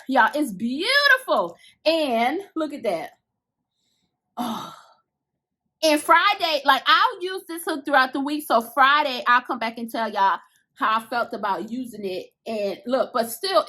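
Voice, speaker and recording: A high-voiced woman unboxes crochet hooks on camera, gushing excitedly and talking right to her viewers. Her speech is loose and casual, full of Southern-style slang like "y'all" and "I'ma."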